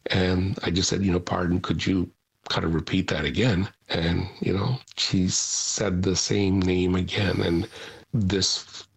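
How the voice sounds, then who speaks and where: A man with a deep, rough-edged voice that has a breathy huskiness to it. He talks through a personal story in an interview, emotional and halting, often repeating words as he goes. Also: little pitch movement.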